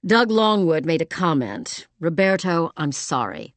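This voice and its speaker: A man's voice: a little high, big pitch swings, unhurried, fairly bright tone, no room sound. A woman voicing an older man, a former film star, blunt and scornful, in an audiobook.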